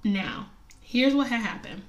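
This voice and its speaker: A woman's voice: fairly high pitch, animated, a little slow, far from the mic, lo-fi sound. A woman in her thirties telling a personal story in casual talk, chatty and emotional, with many fillers and frequent laughs.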